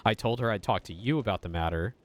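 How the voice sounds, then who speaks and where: Guy reading a polite young artist from a narrative game, earnest, deep voice. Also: fast talker, close to an everyday voice. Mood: pleading.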